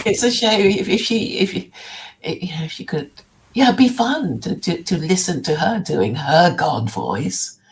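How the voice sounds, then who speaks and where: A woman's voice: lowish voice, huge pitch swings, slow, pauses often. A woman in casual chat on a stream, teasing and laughing often.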